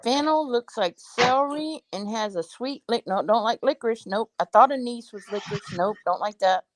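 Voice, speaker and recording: A woman's voice: fairly high pitch, normal speed. A woman co-hosting a casual chat, talking in a blunt, chatty way.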